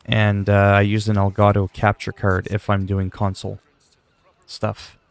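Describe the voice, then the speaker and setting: A man's voice: on the low side, completely flat delivery, normal speed, vocal fry, dry recording. A man chatting casually while livestreaming a game, answering chat questions in a laid-back, swearing way.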